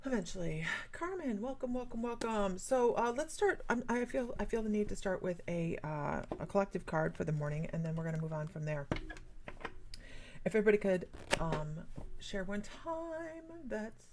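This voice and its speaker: A woman from Michigan hosting a casual psychic-reading livestream, chatty and quick to laugh, greeting viewers by name. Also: medium pitch, big pitch swings, a little mellow, a little hiss or hum. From Michigan, USA. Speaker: psychic medium livestream host.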